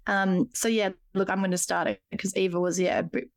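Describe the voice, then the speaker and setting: A woman's voice: mid-range voice, fairly even intonation, a little fast, creaky. A blunt woman in her thirties co-hosts a casual podcast. She talks emphatically and swears freely as she chats. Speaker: podcast co-host. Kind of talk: casual chat.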